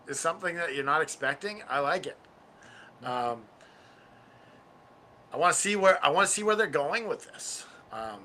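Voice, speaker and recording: A man co-hosting a podcast in casual chat, rambling and halting with many fillers. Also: fairly high pitch, pushed and bright. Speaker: podcast co-host.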